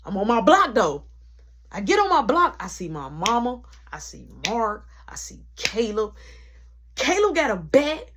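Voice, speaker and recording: Animated high-voiced woman telling a story. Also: unhurried, background noise. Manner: animated, slangy, full of sound effects. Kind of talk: casual storytime.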